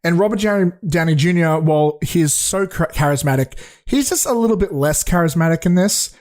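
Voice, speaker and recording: A man's voice: a little high, animated, a little fast, a little mellow. A young man, a podcast co-host, reviewing a film in casual chat, rambling and swearing with many restarts.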